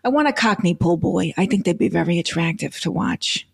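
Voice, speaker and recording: A woman's voice: lowish voice, expressive, brisk, gravelly, breathy edge. A woman hosting a casual chat, playful and teasing as she tells stories.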